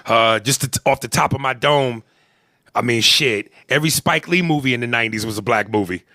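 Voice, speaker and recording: A man's voice: medium pitch, brisk, no room sound, clean studio sound. A man co-hosting a podcast, telling crude jokes and mimicking regional accents in comedic banter. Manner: animated, mimics accents, profane. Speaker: podcast co-host.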